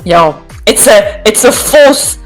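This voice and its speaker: A woman's voice: mid-range voice, lively intonation, takes it slowly, soft background music, rough recording. A woman from South Africa with a South African accent, a guest speaking thoughtfully and hesitantly in an interview. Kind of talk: reflective interview talk.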